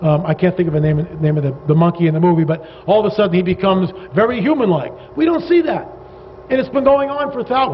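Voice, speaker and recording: Animated man, high voice, lecturing a crowd in a big reverberant hall, sarcastic and rambling. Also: fast talker. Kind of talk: lecture to a live audience. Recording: dull reverberant hall recording with faint noise.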